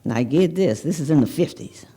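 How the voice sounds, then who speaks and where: An older woman from Evanston, Illinois, giving a commencement speech, telling a personal story in a candid, animated way. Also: deep voice, normal speed, slightly rough. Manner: candid, animated storyteller, talks straight to the audience. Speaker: commencement speaker. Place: banquet hall ceremony.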